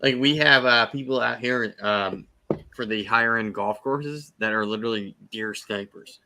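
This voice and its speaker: A man's voice: medium pitch, moderate pace, sharp tone. A man telling a hunting story in casual chat, rambling with many ums and likes.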